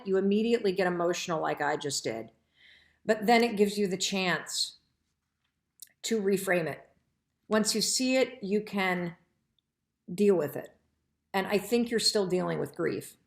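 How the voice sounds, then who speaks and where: A middle-aged woman with a fairly low voice and vocal fry hosts a live stream, giving earnest, emphatic advice straight to her listeners. She's on a live-stream broadcast mic in an echoey room.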